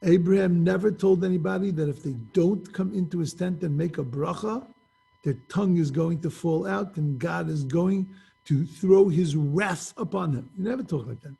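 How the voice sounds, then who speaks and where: A man's voice: high-pitched, normal speed, creaky, mellow, husky. A man teaching an informal Torah class over a video call, telling stories with acted-out dialogue in a conversational way.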